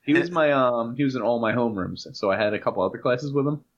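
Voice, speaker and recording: A man's voice: mid-range voice, fast. A man in his thirties co-hosting a podcast in casual chat, often laughing while telling stories. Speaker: podcast co-host. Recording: dull lo-fi sound.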